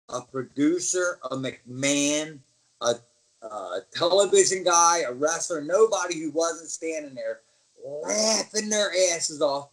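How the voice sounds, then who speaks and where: A man's voice: a little high, low-quality recording. A man being interviewed, telling stories casually and acting out other people's lines, with the odd swear word. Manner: animated storyteller who acts out other people's lines. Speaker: interview guest, former wrestler.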